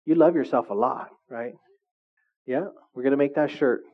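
A man preaching to his congregation in a casual, animated way, often asking the room questions. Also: medium pitch, normal speed, highs cut off. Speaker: pastor. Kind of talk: sermon.

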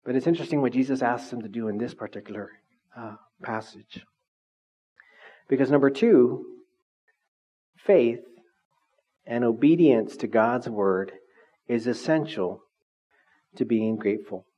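A man's voice: mid-range voice, unhurried, long pauses, mellow. A middle-aged man preaching a conversational sermon and often asking the congregation questions. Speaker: pastor. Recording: slightly dull, lo-fi recording.

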